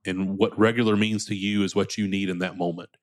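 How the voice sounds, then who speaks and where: A man with a fairly low voice talks candidly as an interview guest. He is earnest and unpolished, and he often restarts and repeats his words as he gathers his thoughts. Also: little pitch movement, a little fast. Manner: earnest, repeats words when starting sentences.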